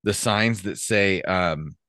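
A man's voice: low-pitched, slow, sharp tone, smooth, no room sound. A man hosting a podcast, talking in loose, profane casual chat and laughing often. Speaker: podcast host.

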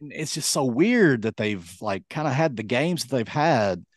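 A man's voice: mid-range voice, lively intonation, unhurried, no room sound, studio quality. Hesitant man chatting on a podcast. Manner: rambling, hesitant with many ums. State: voice going hoarse. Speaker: podcast co-host. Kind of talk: casual sports chat.

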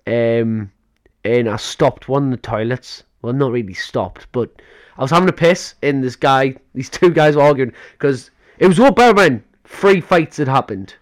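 A man's voice: mid-range voice, lively intonation, normal speed. Rambling young man. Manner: rambling storyteller, acts out quotes, laughs often. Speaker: podcast co-host. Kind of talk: casual chat.

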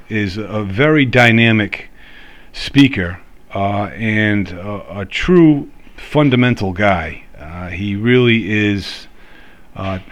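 A middle-aged man talking casually in a rambling monologue, full of fillers and chuckles. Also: on the low side. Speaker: vlogger.

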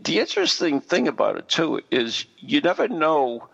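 A man's voice: fairly high pitch, big pitch swings, moderate pace, creaky, fairly bright tone, breathy edge, highs cut off. A man hosting a podcast, chatting casually and rambling with asides. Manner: rambling, full of fillers and asides. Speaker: podcast host. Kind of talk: casual chat.

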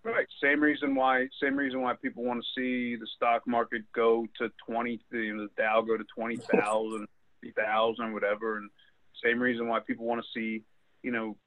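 A man's voice: fairly low pitch, no room sound. Rambling man on a tinny phone line. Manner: rambling, repeats words, many fillers. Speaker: co-host. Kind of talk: casual sports talk.

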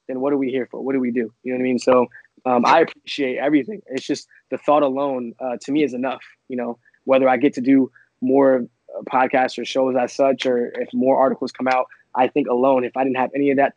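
A man, an actor guest on a podcast, speaking humbly and gratefully, halting often with many fillers. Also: mid-range voice, a little mellow, no room sound. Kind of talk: casual interview. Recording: dull, dry remote audio.

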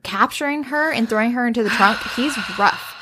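A woman recapping a novel for her podcast in fast, animated bursts, filling with "like." Her talk is loose, casual and conversational. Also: a little high, background noise. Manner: animated, fast retelling, frequent "like". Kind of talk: casual book discussion.

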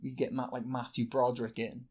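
A man's voice: mid-range voice, level tone, fairly quick, a little mellow, highs cut off, slight background noise. A Welsh man co-hosting a podcast, chatting casually in a cheeky, playful way with some swearing. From Wales. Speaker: podcast co-host. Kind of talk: casual chat.

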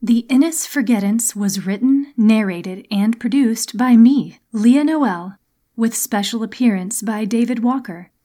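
A woman narrating and producing her own storytelling podcast, measured and soft-spoken. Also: fairly high pitch.

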